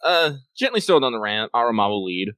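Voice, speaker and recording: A man's voice: medium pitch, very animated, fairly quick, bright, forceful tone, clean tone, no echo. A man playing a tabletop game, talking casually and playfully in character. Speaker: player.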